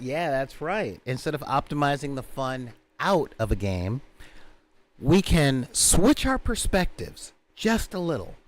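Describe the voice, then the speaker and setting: A man hosting a tabletop gaming channel, telling animated stories in casual chat and slipping into quick character voices. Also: medium pitch.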